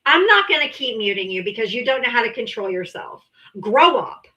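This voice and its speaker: A woman's voice: a little high, sing-song, fairly quick, pushed and bright, dull audio. A woman hosting a live political debate stream, combative and mocking, talking over her guests. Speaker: livestream debate host. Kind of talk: heated political debate livestream.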